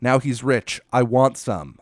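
A man's voice: mid-range voice, animated, a little slow, no echo, studio quality, lightly acted. A man voicing a mocking parody of an entitled, grasping woman in a whiny tone. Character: entitled grasping middle-aged woman complaining.

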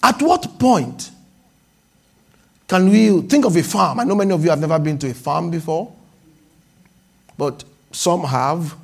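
A man preaching a sermon as a pastor, repeating and restarting his words, rushing through asides and slowing right down on key phrases. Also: fairly high pitch, lively intonation, creaky, husky. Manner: preaching with swings between fast asides and slow, drawn-out emphasis.

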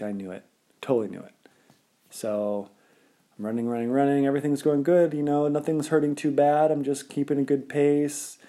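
A man's voice: mid-range voice, mellow. A young adult man telling a personal story in a casual, rambling, laid-back way, full of filler words.

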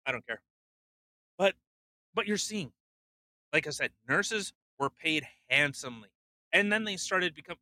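A man's voice: high voice, expressive, moderate pace, pushed and bright, no echo. A man co-hosting a casual podcast, ranting bluntly and with profanity, mocking others in put-on voices. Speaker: podcast co-host; truck driver.

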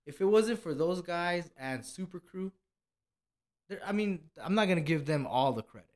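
A young man guesting on a casual podcast, a b-boy dancer who tells stories with loads of slang and cursing. His voice sits slightly high for a man, and he keeps the talk lively. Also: moderate pace. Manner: animated, profane storytelling with lots of slang.

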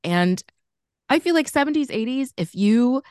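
A middle-aged woman co-hosting a podcast in a relaxed, reflective, agreeable way. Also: a little high, normal speed, clear, resonant tone, no room sound, studio quality. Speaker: podcast co-host. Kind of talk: casual chat.

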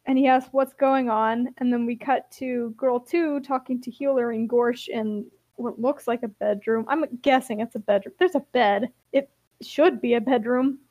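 A young woman with a high voice gives a chatty comic recap of a game's plot, wry and quick to laugh. The recording is close and dry, with no room sound. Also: fairly even intonation, a little mellow, no echo.

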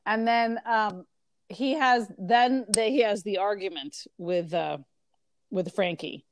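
A woman's voice: mid-range voice, a little hiss or hum. A woman in casual conversation, retelling a book's plot and briefly acting out the characters' lines. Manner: chatty retelling, acting out lines in quick voices. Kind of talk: casual book discussion.

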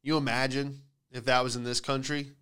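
A man's voice: mid-range voice, moderate pace, smooth. A man in his thirties hosting a comedy podcast, telling casual stories and switching into voices for the people he quotes. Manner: animated storytelling with put-on voices for quoted people.

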